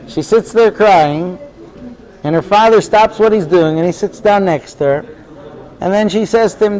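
A man's voice: sits high, normal speed, darkish tone, low-quality recording. A man teaching an informal Torah class in a chatty, storytelling way. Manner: conversational, digressive, tells stories.

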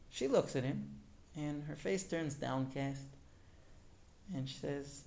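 A male teacher walks his class through a story in a lively, animated way. His voice sits fairly high and rises and falls widely. He often turns to the students with direct questions. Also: moderate pace, vocal fry.

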